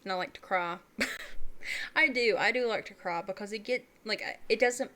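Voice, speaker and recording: A young woman with a bright, forward voice talks candidly to her viewers. She rambles and restarts, laughs at herself, and keeps it loose and personal. Her pitch sits in the middle for a woman. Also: a little fast. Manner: rambling, candid, self-deprecating, laughs often. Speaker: vlogger. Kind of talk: casual chat.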